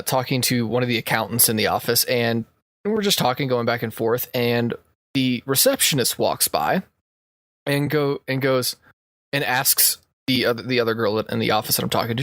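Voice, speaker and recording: A man's voice: medium pitch, moderate pace, a bit bright, no echo, studio quality. A man co-hosting a podcast, telling a work story in casual chat and laughing often as he goes. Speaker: podcast co-host.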